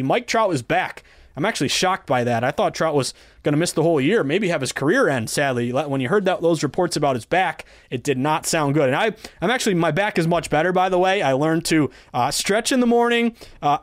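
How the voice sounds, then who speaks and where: Podcast host, man in his 30s, enthusiastic stat-heavy chatter, slightly higher voice, dry sound. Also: dry recording. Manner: chatty, enthusiastic, rattles off odds and stats. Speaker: podcast host, betting analyst. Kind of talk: casual sports betting podcast.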